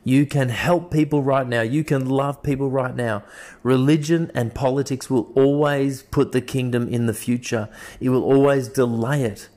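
A man's voice: mid-range voice, steady tone, normal speed, a little mellow. A man preaching a sermon, stacking up emphatic, repeated declarations. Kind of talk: fiery street-style sermon.

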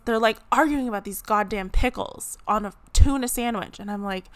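A woman's voice: medium pitch, moderate pace, few pauses, a bit bright, dry recording. A young woman telling a story in a chatty, dramatic, laughing way. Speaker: vlogger. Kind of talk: casual storytelling.

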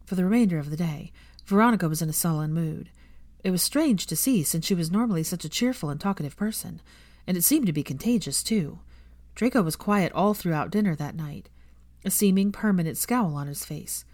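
A woman reading fan fiction aloud, in a steady, measured audiobook narration. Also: on the low side, dry recording.

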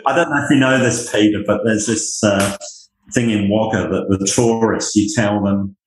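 A man from the United Kingdom, a university leader, telling lively anecdotes in conversation. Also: fairly low pitch, normal speed, echoey room, slight background noise, poor audio. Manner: animated anecdotes, acts out quoted voices. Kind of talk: storytelling in conversation.

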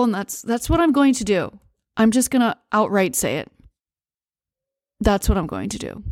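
An American woman hosting a podcast, talking through a personal story in a halting, emotional way with many pauses and restarts. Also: fairly high pitch, darkish tone, no room sound, clean studio sound. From United States. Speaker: podcast host. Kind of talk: personal monologue.

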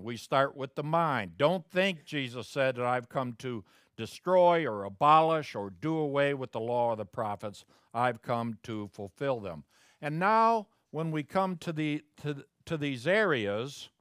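A man's voice: mid-range voice, dry recording. Emphatic preaching man, dry sound. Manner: emphatic preaching, swings from quiet asides to loud stressed quotes; folksy, self-deprecating asides. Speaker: pastor. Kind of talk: sermon.

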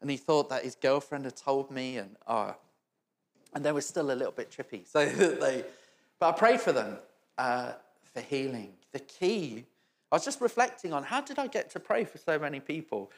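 A man's voice: mid-range voice, animated, normal speed, roomy sound. A middle-aged man preaching a storytelling sermon, chatty and self-mocking and often laughing. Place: church hall.

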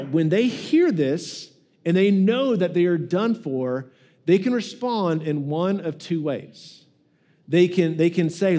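A man with a high voice preaches in a relaxed, joking way and slips into playful voices for the people in his stories. It sounds like a pastor talking straight to his congregation. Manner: casual and joking, acts out quoted voices. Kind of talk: sermon.

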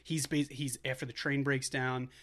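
A man's voice: mid-range voice, level tone, moderate pace, fairly bright tone. A young man chatting casually on a podcast, retelling a film scene by scene and laughing as he goes. He talks in loose, rambling bursts with plenty of fillers. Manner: laughs often, retells scenes, reads quotes aloud. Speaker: podcast co-host. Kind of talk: casual movie-recap chat.

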